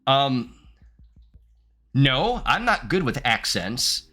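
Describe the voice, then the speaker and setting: A man's voice: medium pitch, big pitch swings, moderate pace, bright, forceful tone, faint music behind. A man from the United States streaming gameplay, reading game text aloud and chatting playfully with his viewers, laughing often. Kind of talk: live-streamed gameplay commentary.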